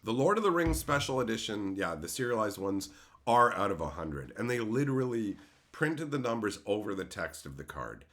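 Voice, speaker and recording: A man hosting a livestream, chatting casually with his viewers. His voice is bright and forceful and swings widely in pitch. He talks bluntly, swears freely and breaks into loud outbursts. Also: big pitch swings, moderate pace. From Canada. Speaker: streamer host.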